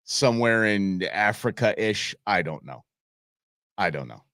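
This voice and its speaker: Brief: a male live-show host, animated and joking, with a lively voice recorded dry and close. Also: lowish voice, measured pace, no echo. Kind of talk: live show commentary on videos.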